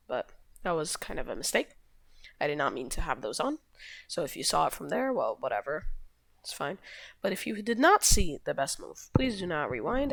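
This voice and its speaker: Woman, chess walkthrough, low-pitched, very animated intonation, rambling, self-correcting, dry close sound. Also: gravelly, no echo. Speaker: chess video host. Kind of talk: casual chess game walkthrough.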